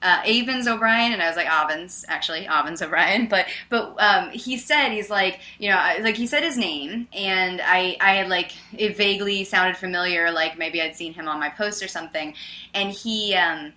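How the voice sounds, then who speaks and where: A woman co-hosting a podcast, telling a casual story in an animated, loud way with many "like"s and "um"s. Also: lowish voice, moderate pace. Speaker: podcast co-host.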